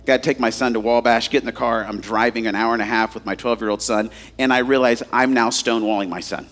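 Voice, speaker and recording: A man's voice: mid-range voice, steady tone, fast talker, a bit bright. A man in his forties preaching a sermon as a pastor, telling candid, self-mocking stories and addressing the crowd as guys.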